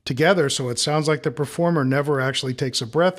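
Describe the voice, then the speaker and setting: A man in a relaxed tutorial, walking through audio edits step by step. He thinks aloud, replays short snippets and drops quiet asides while he works, at an even middling pitch. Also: fast talker, few pauses. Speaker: audio editing instructor. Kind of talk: screen-recorded editing tutorial.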